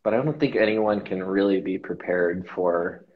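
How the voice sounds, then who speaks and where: A man from the United States, a guest in an interview, telling a personal story in a reflective, halting way with many fillers. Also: sits low. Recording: dull lo-fi sound.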